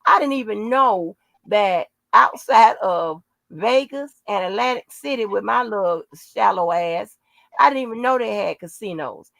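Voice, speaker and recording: A woman's voice: mid-range voice, expressive, unhurried, gravelly, fairly bright tone, no echo. A woman in casual chat, sassy and swearing, calling others girl and honey. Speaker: co-host.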